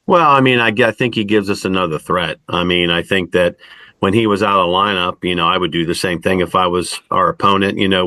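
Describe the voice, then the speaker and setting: A middle-aged man coaching college basketball, answering interview questions in a halting way, full of restarts and "I mean". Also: lowish voice, pushed and bright, no echo. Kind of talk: post-game style interview answers.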